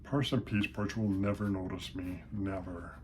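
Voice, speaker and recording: A man's voice: sits low, fairly even intonation, moderate pace, darkish tone, a little hiss or hum, close to an everyday voice. A man voicing a small, hungry male church mouse who fusses and writes little poems. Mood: plaintive. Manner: pleading and fretful.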